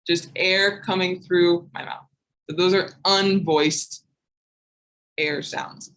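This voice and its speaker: Woman teacher for an online lesson: unhurried and methodical, somewhat low-pitched, says every example word twice. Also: a bit bright, rough recording. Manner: slow, deliberate, repeats each word twice. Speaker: English pronunciation teacher.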